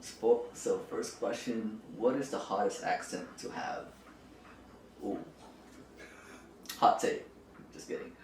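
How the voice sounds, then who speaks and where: A man's voice: lowish voice, slow pace, long pauses, a little hiss or hum. A young man from the Philippines, a podcast guest chatting casually and playfully, with lots of likes and hedges. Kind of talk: casual chat. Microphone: camera microphone, not the podcast mic. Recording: roomy audio from a distant camera mic.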